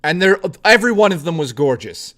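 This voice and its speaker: A high-voiced man spinning a yarn on his stream. He talks casually and animatedly, swears freely, and keeps insisting the story is real. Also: big pitch swings, brisk, sharp tone.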